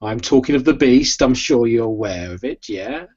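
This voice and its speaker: A man's voice: mid-range voice, moderate pace, darkish tone, breathy edge, lightly acted. A man playing a proud brawling vampire. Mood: gruff. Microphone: video call. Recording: lo-fi video call audio.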